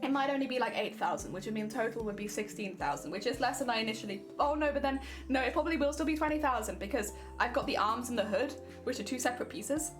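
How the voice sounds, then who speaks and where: Woman streamer with a slightly high voice, chatting over background music. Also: lively intonation, fast, few pauses. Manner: chatty, thinking out loud, reads chat. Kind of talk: casual live-stream chat while sewing. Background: music and sewing machine.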